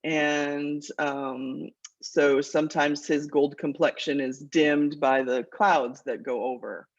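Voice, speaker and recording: A woman, a college English teacher lecturing her class and reading verse aloud in a measured rhythm. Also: deep voice, fairly even intonation. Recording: dull lo-fi lecture recording.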